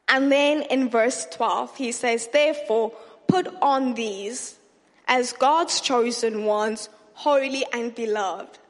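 High-voiced woman preaching slowly with reverb. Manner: earnest, repeats phrases for emphasis, laughs with excitement. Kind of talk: sermon teaching.

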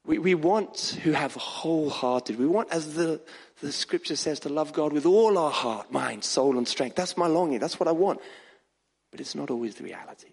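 A man preaching a sermon as pastor of a church, earnest, moving between soft quiet passages and raised emphatic ones. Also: fairly high pitch, lively intonation, normal speed, creaky, husky. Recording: long hall reverb.

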